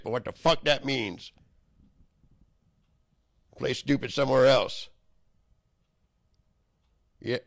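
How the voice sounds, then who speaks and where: A man in an angry, rambling monologue, his voice gravelly and rough with fry. He curses freely and keeps breaking into loud outbursts, pitched around a typical male middle.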